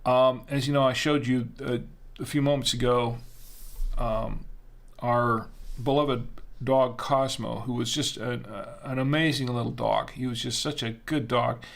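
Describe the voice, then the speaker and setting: A man's voice: medium pitch, steady tone, a little slow, gravelly. A man hosting a casual wine-tasting livestream, rambling with fillers and restarts as he reads out viewer chat.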